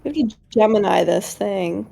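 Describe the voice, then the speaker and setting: A woman's voice: medium pitch, animated, moderate pace, vocal fry, warm tone. A woman chatting casually on a live stream, rambling with lots of fillers as she explains something. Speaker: co-streamer guest.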